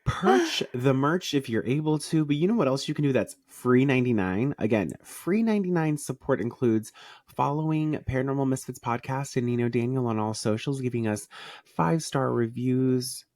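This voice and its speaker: A man's voice: medium pitch, lively intonation, normal speed, a little mellow, dry recording, studio quality. A man from Arizona co-hosting a podcast in casual chat, sarcastic and profane, cracking jokes as he reads through a story. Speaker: podcast co-host.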